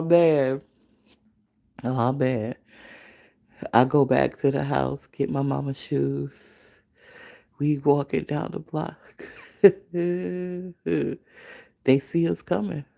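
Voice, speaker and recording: A woman podcast host, telling a story in an animated way, with laughter and profanity. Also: sits low, gravelly, highs cut off. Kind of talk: storytelling, casual chat.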